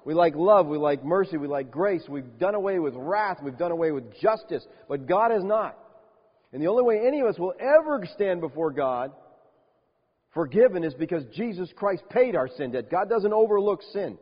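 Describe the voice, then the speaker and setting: A man preaching a sermon, emphatic, slowing down and dropping soft on key words. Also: high-pitched, expressive, breathy edge. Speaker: pastor. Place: church sanctuary. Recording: dull lo-fi church recording with long reverb.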